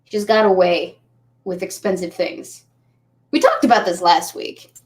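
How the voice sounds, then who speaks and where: A woman's voice: expressive, moderate pace. A woman hosting her own channel, chatting casually to viewers while a little tipsy, rambling and easily distracted. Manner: rambling, easily distracted, jumps around in pitch. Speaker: channel host.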